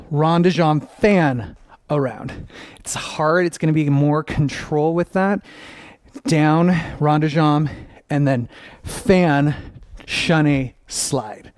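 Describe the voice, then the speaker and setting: Man, dance teacher, somewhat high voice, dry close sound, counts and scats beats. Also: slow pace, no echo. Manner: upbeat, counts steps aloud and scats rhythms. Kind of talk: dance tutorial instruction. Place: dancing at home.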